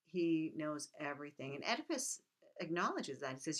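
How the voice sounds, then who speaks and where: A woman's voice: low voice, sing-song, moderate pace. A woman teaching literature in a casual recorded lecture. She reads quoted lines aloud, then breaks off to comment in chatty asides.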